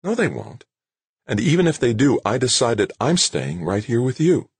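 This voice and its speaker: A man's voice: medium pitch, very animated, normal speed, breathy edge, dry recording, pitched above the performer's own voice, full character voice. A man reading an audiobook, voicing a playful, determined young wife in a raised, teasing voice. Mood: firm. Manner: teasing, firm.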